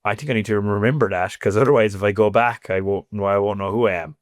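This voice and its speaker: A man's voice: fairly low pitch, fast talker, no echo, studio quality. Chatty Irish man from Cork. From Ireland. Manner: chatty, animated, lots of fillers like "you know". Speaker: guest. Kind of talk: casual interview chat.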